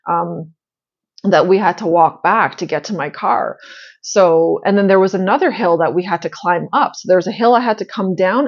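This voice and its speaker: A woman's voice: on the low side, lo-fi sound. A woman host telling a personal story in a casual, earnest way, with many fillers and restarts. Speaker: spiritual channel host.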